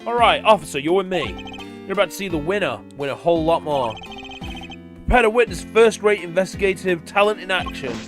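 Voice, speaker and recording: A man's voice: sits high, animated, brisk, music in the background. A man voicing an arrogant young male prosecutor who brags about himself. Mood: smug. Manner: boastful, self-satisfied.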